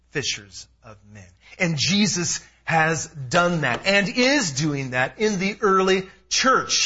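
Male pastor, thirties, high and husky, energetic sermon delivery. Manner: animated, emphatic preaching with personal asides. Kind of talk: expository sermon. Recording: dull lo-fi sound.

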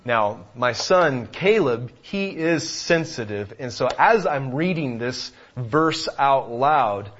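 Slow, emphatic male preacher. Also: medium pitch, animated, slight background noise. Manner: emphatic, swings from loud to hushed. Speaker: pastor. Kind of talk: sermon. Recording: dull lo-fi recording.

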